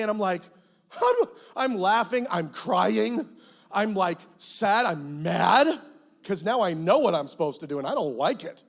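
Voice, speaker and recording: A middle-aged guest pastor telling a personal testimony in a church, animated storytelling that breaks into loud cries as he acts out prayers. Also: sits high, measured pace, gravelly. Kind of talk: sermon testimony. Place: church sanctuary.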